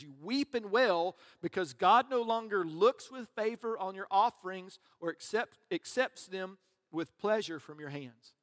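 Speaking at a normal speed with lively intonation, a high-pitched, fairly bright-toned pastor jokes his way through a chatty sermon with asides to his listeners. A large hall's long reverb surrounds him.

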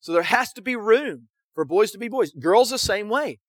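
Middle-aged male pastor, high bright voice, dry close sound, conversational sermon with acted-out quotes. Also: animated, dry recording. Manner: storytelling with quick acted quotes and frequent "right?".

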